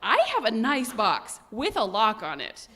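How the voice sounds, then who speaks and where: A woman voicing a cheerful, literal-minded woman housekeeper in a children's storybook reading, chirpy and bright. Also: a little high, wildly swooping pitch, unhurried, big-room sound, exaggerated voice. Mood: pleased.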